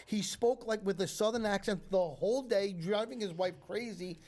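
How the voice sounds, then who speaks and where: A man, a psychic medium guest, telling stories with animated energy in a round-table chat in a TV studio. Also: high-pitched, moderate pace. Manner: animated storyteller.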